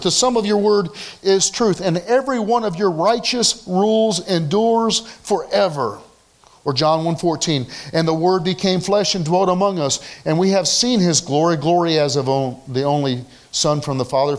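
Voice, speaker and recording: Male pastor, slightly high voice, emphatic sermon delivery with hushed drops. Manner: emphatic preaching with repetition, dropping to soft near-whispers.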